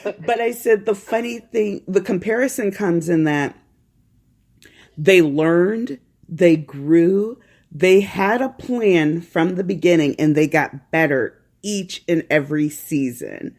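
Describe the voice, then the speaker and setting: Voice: mid-range voice, takes it slowly, darkish tone. A podcast host chatting casually from home while feeling unwell, rambling and laughing often.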